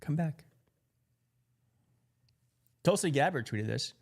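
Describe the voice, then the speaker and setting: A man's voice: a little high, expressive, slow pace, pauses often, darkish tone. A man hosting a casual live stream, reacting sarcastically to chat messages and news clips. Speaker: livestream host.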